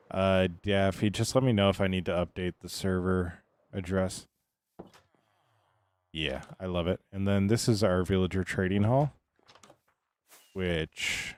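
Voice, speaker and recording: A man giving casual livestream commentary as a game streamer, rambling along and answering his chat between remarks. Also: low-pitched.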